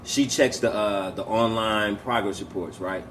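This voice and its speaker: A man co-hosting a podcast, telling family stories in an animated way. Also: lowish voice, measured pace. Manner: animated storyteller. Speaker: podcast co-host. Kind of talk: casual storytelling. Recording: faint background noise.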